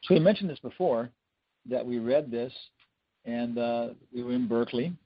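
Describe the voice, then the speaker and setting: A man's voice: mid-range voice, moderate pace, no room sound. A man teaching a scripture class, telling loose, rambling stories full of fillers and little chuckles. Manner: rambling storyteller, many fillers, chuckles often. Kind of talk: lecture on scripture with anecdotes. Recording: dull lo-fi dry lecture recording.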